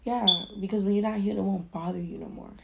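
A young woman with a gravelly, fry-laced voice chatting casually. She talks haltingly, circling her point with fillers. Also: medium pitch, fairly even intonation, a loud crowd. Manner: hesitant, halting, many fillers. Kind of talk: casual chat.

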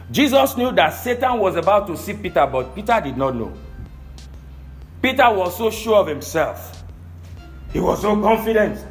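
A male pastor preaching a sermon, emphatic, often asking the congregation if they are listening. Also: fairly high pitch.

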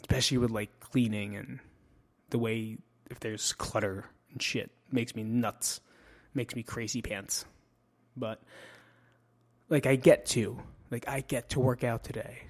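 A man's voice: medium pitch, fairly even intonation, unhurried. Blunt, swearing podcast host, man. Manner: blunt, profane and self-mocking; loose and rambling with restarts. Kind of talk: casual podcast monologue.

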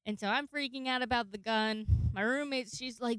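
A woman's voice: a little high, normal speed, few pauses, a bit bright, smooth, dry recording. A woman in her twenties telling a personal story in a rambling, profane way, laughing often. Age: 20s. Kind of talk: casual storytelling.

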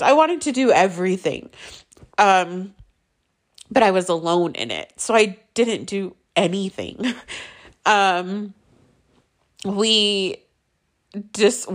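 A young woman, a mother, telling her own painful story candidly, halting often with fillers and restarts. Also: mid-range voice. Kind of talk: emotional personal storytelling.

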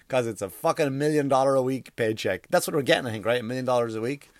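A man's voice: medium pitch, fast talker, dry recording. A man doing a comedy monologue, rambling and profane, with many "like" and "you know" fillers, from a workspace. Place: workspace across from a school.

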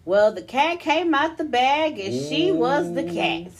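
A young woman co-hosting a casual podcast, reading a listener's long story aloud with animated delivery and frequent laughter. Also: sits high, slow pace, crowd noise.

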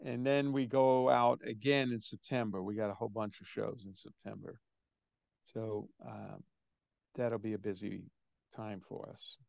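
A gravelly older man, a drummer, tells stories in a relaxed, chatty way. His voice comes through a bit muffled and lo-fi, as on a remote call, and the sound is dry. He sits at a middle pitch. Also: a little slow, no room sound. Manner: chatty, anecdotal, quoting others in put-on voices. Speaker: drummer, interview guest. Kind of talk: relaxed storytelling in an interview.

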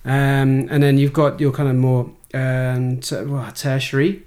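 A man's voice: medium pitch, little pitch movement, measured pace, a little mellow. Guy explaining wine to his mates on a podcast, long lists of flavors, easygoing. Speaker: wine expert guiding a tasting. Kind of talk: casual podcast chat.

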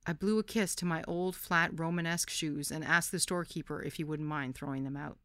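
A woman's voice: sits low, fairly even intonation, a little fast, a bit bright, no room sound, studio quality. A woman podcast host reading a candid first-person memoir story.

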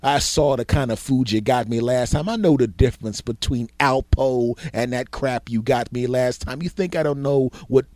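A man's voice: mid-range voice, normal speed, few pauses, darkish tone, lightly acted. A man voicing a surly, scornful house dog. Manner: contemptuous, taunting, calls you punk.

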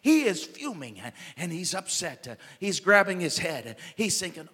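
A man preaching a sermon as pastor, impassioned, swinging between loud and soft, with many "uh" fillers. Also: high-pitched, very animated, a little slow, few pauses, slightly rough, big-room sound.

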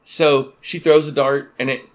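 Male storyteller, casual chat, animated, bursts into loud quotes. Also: mid-range voice, normal speed.

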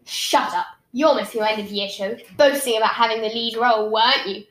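A dramatic, complaining schoolgirl defends herself, voiced by a woman reading aloud in a storybook. The voice is fairly high and the recording is echoey. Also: fairly quick, fairly bright tone, lightly acted. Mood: indignant. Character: schoolgirl sister, dramatic and wailing. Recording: echoey room.

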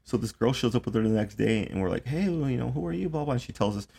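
Gravelly young man, swearing storyteller. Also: medium pitch, expressive, quick pace, mellow. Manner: profane, rambling storyteller with lots of fillers. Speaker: podcast host. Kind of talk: casual chat.

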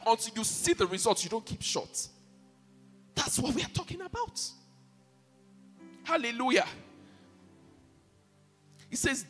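Impassioned male pastor, sermon delivery, very lively pitch, long hall reverb. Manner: impassioned, repeats key phrases for emphasis. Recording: reverberant hall with faint music behind.

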